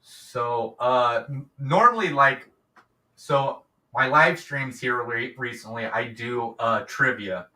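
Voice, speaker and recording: A man's voice: medium pitch, slow, sharp tone. Middle-aged man on a roomy video call. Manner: rambling, many restarts and fillers. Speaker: guest, YouTube creator. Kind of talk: casual interview chat. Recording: roomy, distant from mic.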